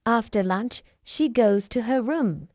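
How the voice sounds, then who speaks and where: Female narrator for a graded reader; clear, deliberate, slightly high. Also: animated, a little mellow, no echo. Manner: clear, deliberate reading for learners.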